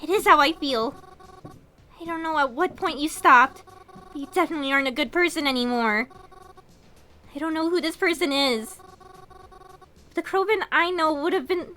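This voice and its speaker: A woman's voice: sits high, moderate pace, pauses often, sharp tone, faint music behind. A woman reading a hurt young woman. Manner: wounded, accusing. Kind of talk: reading game dialogue aloud.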